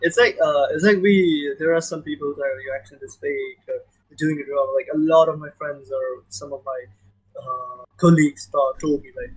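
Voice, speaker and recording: A man with an Indian accent, part American, talking in a casual podcast chat, animated and given to repeating words for emphasis. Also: fairly high pitch, moderate pace, slightly rough, poor audio. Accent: Indian, mixed with American.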